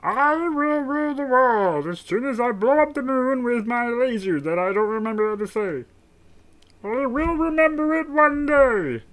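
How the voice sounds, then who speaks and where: A man's voice: very high-pitched, lively intonation, a bit bright, pitched above the performer's own voice, heavily acted, poor audio. A man putting on a cartoon Martian villain, a small, pompous alien who drags out his threats in a thin, nasal voice. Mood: grandiose. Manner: grandiose, threatening, drawn-out.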